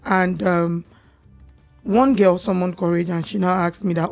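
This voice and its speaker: A young Nigerian woman, a podcast guest, telling her personal story in a candid, animated way. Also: fairly low pitch, measured pace, creaky, faint music behind.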